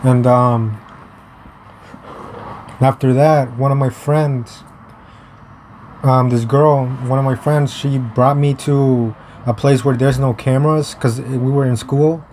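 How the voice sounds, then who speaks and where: A young man tells a story out of doors in a loose, meandering way, stumbling over restarts and dropping fillers and the odd curse. His voice sits at an ordinary middle pitch. Faint traffic hums in the background. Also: fairly even intonation, takes it slowly, pauses often, a little mellow. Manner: rambling, profane, many fillers and restarts. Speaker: vlogger. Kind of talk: casual storytelling. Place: outdoors.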